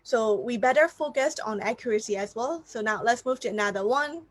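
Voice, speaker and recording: Woman, fairly high-pitched, live online lesson, explanatory, repeats points, asks viewers questions. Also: lively intonation, fairly quick. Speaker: teacher trainer. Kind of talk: live online teaching talk.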